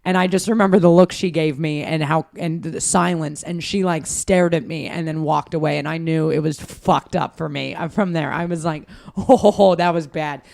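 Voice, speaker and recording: A woman's voice: sits low, steady tone, normal speed, gravelly, few pauses, darkish tone. An American woman comedian with an East Coast accent, telling stories animatedly and swearing freely as a podcast guest. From United States. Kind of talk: casual interview chat.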